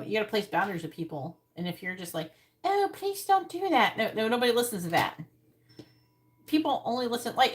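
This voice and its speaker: A woman doing a live tarot reading, talking bluntly and swearing, sounding angry while she talks through the cards. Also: on the low side. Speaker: tarot reader. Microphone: earbuds. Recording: loud background noise.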